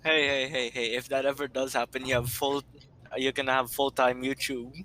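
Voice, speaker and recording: A man's voice: mid-range voice, little pitch movement, normal speed, sharp tone, slight background noise. A young man co-hosting a casual podcast, teasing his friend with mock threats to walk out. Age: young adult. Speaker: podcast co-host. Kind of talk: casual chat between friends.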